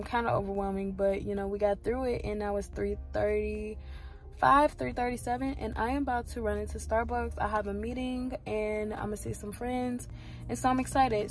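A woman in her twenties, an x-ray student, chatting casually to her viewers in a vlog, calling them "y'all.". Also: medium pitch. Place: out and about, car, shops, home.

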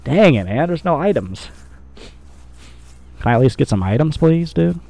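A man's voice: on the high side, very animated, moderate pace, creaky, dark tone. A man giving casual, rambling gameplay commentary, swearing and joking at himself as he plays. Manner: rambling, sweary, self-mocking. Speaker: gamer, channel host.

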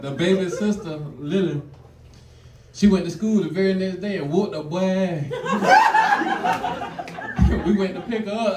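A man's voice: high-pitched, roomy sound, recorded from a distance, noisy background. A man doing his first stand-up set, telling slangy stories and laughing through his own lines. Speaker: stand-up comedian. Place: comedy stage.

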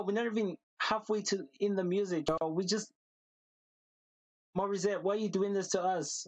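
A man hosting a reaction video, talking casually and excitedly, gushing and repeating slang fillers. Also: high-pitched, no room sound, poor audio.

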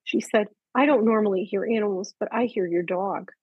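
A woman's voice: mid-range voice, brisk, breathy edge, no echo, phone-quality sound. An older woman, a guest animal communicator, telling personal stories in casual chat and acting out the voices she quotes.

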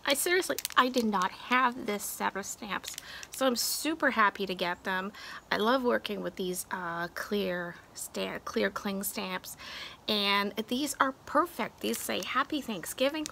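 Female craft vlogger at home, chatty and effusive, gravelly and somewhat high, in a noisy recording. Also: animated, a little slow, pushed and bright. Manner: chatty and gushing, with many fillers. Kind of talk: casual show-and-tell chat. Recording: background noise of crinkling packaging.

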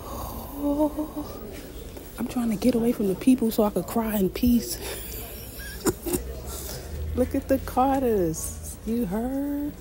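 A woman's voice: on the high side, slow pace, long pauses. A woman filming a casual vlog as she walks through a museum exhibit, talking to herself in amazed, emotional asides. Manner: excited, emotional, talks under her breath to herself. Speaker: vlogger touring an exhibit. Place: indoor museum exhibit among crowds.

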